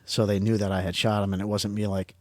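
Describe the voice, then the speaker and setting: A middle-aged man from Pennsylvania, a podcast guest telling a story in casual, rambling, excitable talk that stumbles over repeated words. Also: lowish voice, fast talker, no echo, clean studio sound.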